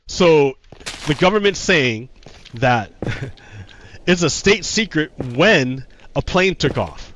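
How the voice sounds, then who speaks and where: A man's voice: on the high side, animated, slow pace, pauses often, a bit bright. A man talking casually on a livestream, heated and profane, often repeating himself. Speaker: streamer.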